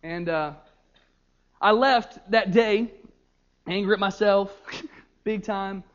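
A young male youth pastor preaching a sermon, his voice sitting high for a man. He tells stories with animated energy and often stumbles over repeated words. The recording is dull and lo-fi. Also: takes it slowly, smooth.

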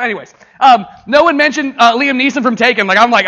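A man's voice: very high-pitched, quick pace, few pauses. A middle-aged male pastor preaching a sermon, joking with the congregation and then turning earnest and emotional. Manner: animated, jokey, crowd-engaging.

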